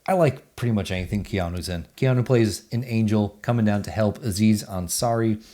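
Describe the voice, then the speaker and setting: A man's voice: on the low side, a little fast, dark tone. A man, giving casual, blunt movie reviews in a chatty, offhand way. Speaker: movie reviewer, channel host.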